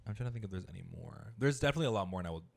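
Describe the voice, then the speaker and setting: A man's voice: fairly low pitch, animated, rapid-fire, creaky, darkish tone. A man co-hosting a podcast, telling stories in casual chat, chatty and full of fillers. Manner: chatty storyteller, filler-heavy. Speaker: podcast co-host.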